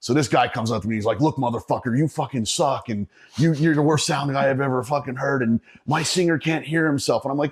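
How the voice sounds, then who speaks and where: A man's voice: medium pitch, quick pace, few pauses, husky. A middle-aged man from Northeastern Pennsylvania, a podcast guest telling a profane story in casual chat, laughing often.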